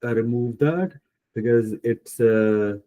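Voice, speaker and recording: A man with an Indian English accent teaching a French class online, speaking slowly and patiently, thinking aloud and correcting himself. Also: mid-range voice, dark tone, rough recording. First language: Punjabi. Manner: slow, patient, thinking aloud with many fillers; self-correcting mid-sentence.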